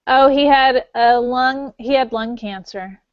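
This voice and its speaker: Young woman co-host, very slow and unhurried, curious questions. Dry, dull audio. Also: high-pitched, no room sound. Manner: curious, asks questions, laughs along. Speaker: podcast co-host. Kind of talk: casual chat.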